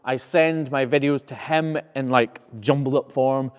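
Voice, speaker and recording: A man's voice: mid-range voice, fairly even intonation, a little slow, clean tone. Easygoing man answering viewer questions, reverberant. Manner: chatty and easygoing, frequent "uh" before each question, self-correcting restarts. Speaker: professional hoof trimmer and channel host. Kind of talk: casual live Q&A, reading viewer questions aloud.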